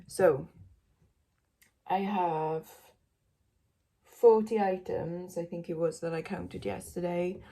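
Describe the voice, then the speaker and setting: Gravelly, husky woman chatting to camera. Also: fairly low pitch, fairly even intonation, takes it slowly, pauses often, dark tone. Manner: chatty, self-mocking, rambling with many fillers. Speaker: vlogger. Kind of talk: casual chat to camera. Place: at home.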